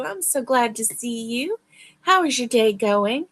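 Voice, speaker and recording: A woman with a slightly high voice hosts a crochet livestream. She talks slowly and sounds tired, with yawns between her chatty greetings to viewers. It sounds like she is speaking into a livestream webcam mic. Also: expressive, fairly bright tone. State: tired and yawning. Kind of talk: casual livestream chat.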